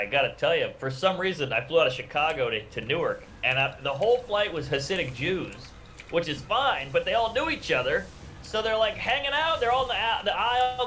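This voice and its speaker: A stand-up comedian from New Orleans trading road stories in podcast banter, telling them in an animated, profane way. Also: male voice, sits high, slight background noise, poor audio.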